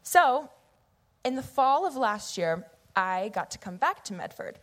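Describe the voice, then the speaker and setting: A young woman in her late teens from the US Pacific Northwest, giving an earnest, animated personal testimony into a church microphone. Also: fairly high pitch, a little slow. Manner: earnest, animated, acts out her past self in quotes. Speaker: youth member giving testimony. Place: church sanctuary. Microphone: microphone at a pulpit or stage.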